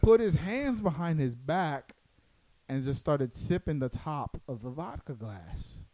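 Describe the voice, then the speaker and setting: A man telling a story in casual chat, crude and animated, acting out what others said. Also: a little high, a little slow, dry recording, rough recording.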